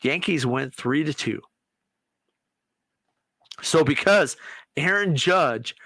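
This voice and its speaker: A man hosting a podcast, chatting casually and excitably about sports and swearing now and then. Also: a little high, no echo. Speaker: podcast host. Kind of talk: casual solo chat.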